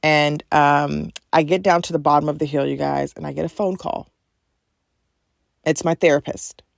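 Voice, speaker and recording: A young woman with a low, gravelly voice tells a personal story on her podcast in a chatty way, talking straight to her listeners. The sound is dry and close, with no room around it. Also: fairly even intonation, normal speed, no echo. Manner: chatty, addresses listeners as "you guys", gets emotional. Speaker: podcast host.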